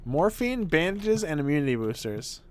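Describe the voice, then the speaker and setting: A man's voice: a little high, sing-song, normal speed, a little hiss or hum. A man streaming a game as a vtuber, chatting casually as he plays, thinking aloud and swearing when things go wrong. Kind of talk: casual gameplay commentary.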